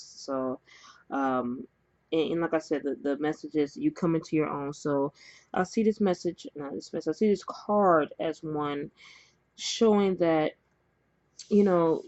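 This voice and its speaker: Low-pitched woman, casual tarot reader, rambling and chatty, dry home-camera sound. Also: a little mellow, no room sound, dull audio. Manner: chatty and rambling, with many fillers and apologies. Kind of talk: casual spoken tarot reading. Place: indoors at a table with cards. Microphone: camera mic, face not shown.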